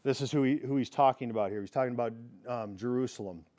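A man's voice: medium pitch, quick pace, darkish tone. A man preaching an expository sermon in a conversational way, often restarting phrases and asking rhetorical questions. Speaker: pastor teaching a Bible study.

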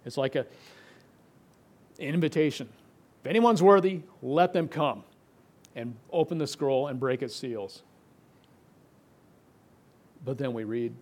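A middle-aged man preaching a sermon, explaining scripture verse by verse, moving between emphatic passages and quiet, hushed ones. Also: medium pitch, moderate pace, pauses often. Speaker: pastor.

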